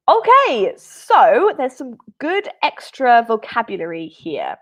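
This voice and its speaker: A woman's voice: on the high side, wildly swooping pitch, slow, few pauses, a bit bright. A woman teaching an online English lesson, upbeat and encouraging, praising answers often. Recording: dull lo-fi webinar audio.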